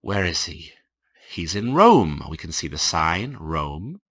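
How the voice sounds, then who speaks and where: Male English teacher for an online lesson, unhurried and clearly enunciated, with a bright, lively lower voice. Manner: slow, carefully enunciated classroom reading. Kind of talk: online lecture for language learners.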